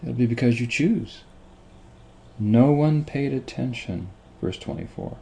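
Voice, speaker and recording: A middle-aged man teaching from the Bible, halting and repeating himself, stressing points with rhetorical questions. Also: mid-range voice, expressive, vocal fry, mellow. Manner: halting, repeats words and restarts. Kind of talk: slow unscripted Bible teaching.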